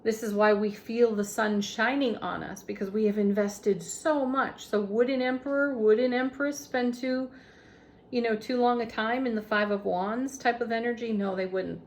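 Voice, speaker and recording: A woman giving a casual spiritual tarot reading from home, gentle and soft-spoken, often laughing lightly. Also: mid-range voice, poor audio. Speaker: tarot reader. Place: home, with landscaping crew outside.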